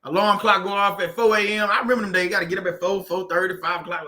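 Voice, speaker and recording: A man's voice: high voice, quick pace, sharp tone. A man hosting a faith-based livestream, talking in a preachy, conversational way and repeating phrases for emphasis. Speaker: host of a faith-based livestream on narcissistic abuse. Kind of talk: live-stream motivational talk.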